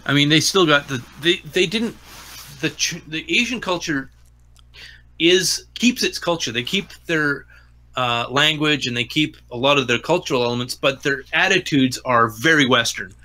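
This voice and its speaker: A man's voice: a little high, normal speed, bright, forceful tone. A man from Canada in a casual podcast chat, making thoughtful, carefully qualified points.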